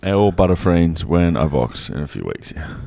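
A man's voice: low voice, very animated, moderate pace, creaky, warm tone, slight background noise. A man co-hosting a casual podcast chat, blunt and crude in his talk and laughing often. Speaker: podcast co-host.

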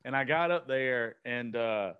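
A man's voice: mid-range voice, unhurried, clean tone, no echo, lo-fi sound. A man, chatting casually and telling rambling stories with plenty of swearing. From US South. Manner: rambling storyteller, swears freely. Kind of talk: casual chat.

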